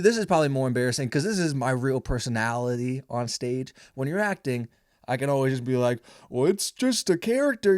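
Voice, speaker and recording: A young man talks on his own in a loose, rambling podcast monologue, cursing often and poking fun at himself. His voice sits at an ordinary pitch for a man. The sound is close and dry, with no room echo. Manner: rambling, profane, self-mocking. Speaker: podcast host. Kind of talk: casual solo podcast monologue.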